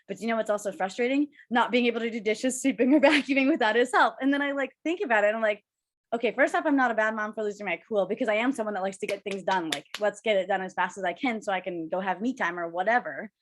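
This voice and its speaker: A woman's voice: mid-range voice, a little hiss or hum. A young woman co-hosting a casual chat over a video call, bubbly and rambling, with lots of "like.". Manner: fast, bubbly, rambling with many "like"s. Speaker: podcast co-host.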